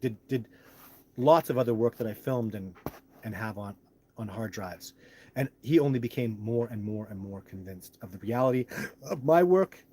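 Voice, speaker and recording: A man hosting a live stream, answering chat in a rambling way that heats up into loud, indignant rants with cursing. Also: mid-range voice, animated, normal speed, slight background noise.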